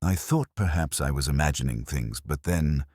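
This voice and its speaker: A man's voice: rumbling low, lively intonation, moderate pace, darkish tone, no echo, clean studio sound. A man voicing a nervous young lady's maid who speaks hesitantly and politely. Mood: anxious.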